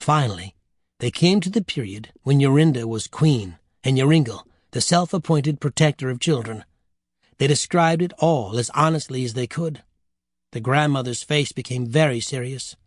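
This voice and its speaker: A man's voice: medium pitch, animated, moderate pace, no room sound. Wry male audiobook narrator, dry sound.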